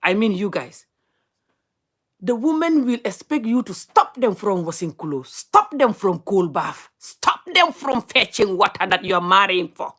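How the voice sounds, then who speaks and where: A woman rants straight to camera, scolding and mocking. Her delivery keeps jumping from low, pointed asides to high, sing-song exclamations. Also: sing-song, measured pace, a bit bright. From Gambia. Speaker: vlogger. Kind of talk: animated ranting commentary.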